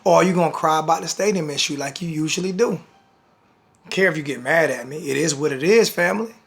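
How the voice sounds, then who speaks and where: A man's voice: a little high, fairly quick, vocal fry. A man with a blunt, scolding manner, ranting to the camera as a sports fan vlogger.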